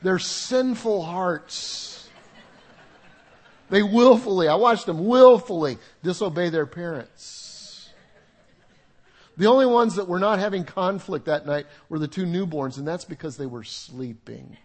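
Older male pastor, high-pitched, chatty sermon delivery with jokes and asides to the congregation. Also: normal speed. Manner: conversational, humorous preaching with audience asides. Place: church sanctuary with congregation.

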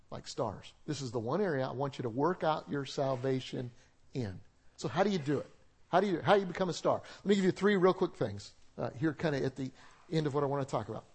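A man preaching a sermon as a pastor, talking conversationally, animated, with acted-out quotes and laughter. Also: fairly high pitch, breathy edge.

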